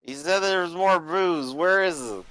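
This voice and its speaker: A man's voice: on the high side, a little slow, fairly bright tone, voice pushed up, poor audio. A man voicing a rowdy drunk man who slurs his words as he leans out a window. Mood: drunken. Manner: slurred, gruff, boozy.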